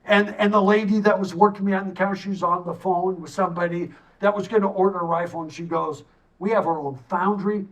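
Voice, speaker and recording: A middle-aged man giving an animated presentation to a town audience from a stage, telling stories with jokey asides. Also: high-pitched, fast, few pauses, far from the mic, highs cut off. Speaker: tourism consultant giving a community assessment. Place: stage in a hall.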